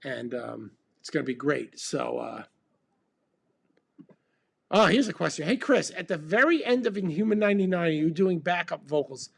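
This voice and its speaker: A band member in his fifties hosts a casual livestream, sipping bourbon while he rambles in a laid-back way full of ums. His fairly high voice has lively intonation, vocal fry, and slight roughness, at a normal speed.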